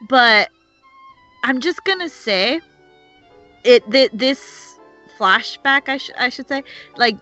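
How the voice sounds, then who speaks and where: A woman's voice: high voice, lively intonation, slow, pauses often, sharp tone, lo-fi sound, soft background music. A woman in casual podcast chat, opinionated and rambling, full of restarts and fillers. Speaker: podcast co-host discussing a TV show.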